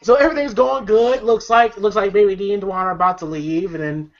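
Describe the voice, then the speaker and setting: High-voiced man rambling through a movie recap. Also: fast, highs cut off. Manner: rambling, laughing, swears freely. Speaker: movie reviewer.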